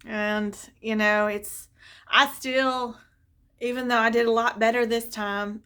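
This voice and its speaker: Woman telling a story from her life, chatty and expressive, gets kinda wistful. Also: a little high, takes it slowly, clean tone. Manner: conversational and expressive, wistful when reflecting. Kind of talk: personal storytelling vlog.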